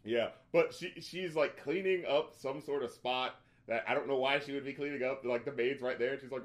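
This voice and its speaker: In a casual chat, a man retells a movie scene by scene, animatedly acting out the characters' lines, with plenty of fillers and swearing. His medium-pitched voice moves fairly quickly, with hardly any pauses.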